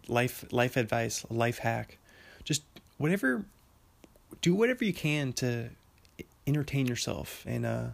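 Young guy, casual rambling talker, mid pitch, giggles at his own jokes. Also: vocal fry. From Washington State, USA. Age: young adult. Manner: rambling, filler-heavy, laughs often at his own jokes. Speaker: monologue talker.

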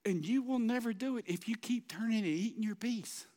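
A man's voice: high voice, a little fast, dark tone. A man preaching a sermon as pastor, impassioned and exhorting, and emotional as he closes in prayer. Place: church auditorium. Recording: long church hall reverb.

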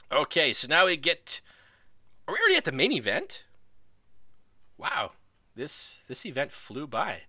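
Excitable man laughing through live commentary. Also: on the high side, dry recording. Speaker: live stream host. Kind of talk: casual live commentary on a video wrestling show.

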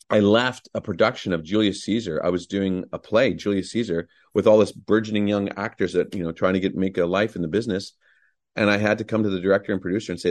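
Rambling, low-voiced man telling stories. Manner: enthusiastic, rambling, many fillers. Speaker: actor, guest. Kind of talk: anecdotal storytelling.

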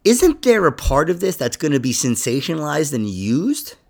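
A young adult man hosts a podcast in loose, casual talk. His pitch swings widely as he rambles, swears and trails off into laughs. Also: big pitch swings, moderate pace, gravelly. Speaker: podcast host. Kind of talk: casual chat.

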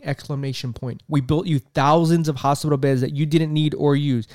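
Male podcast host, angry profane commentary, slightly high voice, dry close recording. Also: fairly even intonation, normal speed, few pauses, a little mellow, no echo. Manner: heated, profane, repeats himself.

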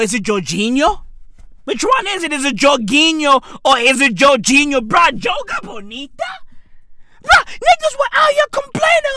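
A man from South Africa doing a loud, profane comedic rant, mocking and shouting. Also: very high-pitched, wildly swooping pitch, a little slow, no room sound. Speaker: comedian ranting.

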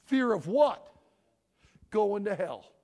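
A man in his sixties from Michigan, giving an animated sermon-style talk at a family conference and pressing his audience with questions. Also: sits high, slow pace. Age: 60s. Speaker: conference speaker.

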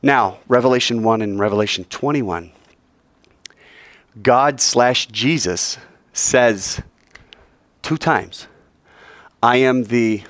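A man teaching a Bible class, animated and quizzing the class with questions. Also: mid-range voice, slow pace, pauses often, no room sound.

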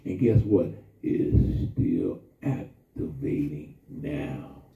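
A man preaching a sermon in a call-and-response style, drawing out his emphasis slowly and then rushing through asides. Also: extremely low pitch, creaky, mellow. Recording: distant, echoey, phone-like sound from far off.

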